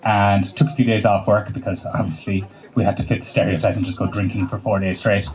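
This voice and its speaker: A man's voice: fairly low pitch, fairly even intonation, a little mellow, rough recording. An Irish comedian in his young adult years telling a loose, swearing stand-up story at an open mic. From Ireland. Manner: loose, swearing storytelling with quick voiced asides. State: dry throat. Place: small cafe at an open mic. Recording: live room with crowd. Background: crowd laughing.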